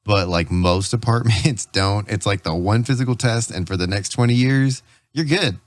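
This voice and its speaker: Chill host dude, low voice, dry close sound, lots of "like" and "dude". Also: male voice, normal speed, no echo. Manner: laid-back, says "dude" and "like" a lot. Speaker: podcast host, firefighter. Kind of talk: casual chat.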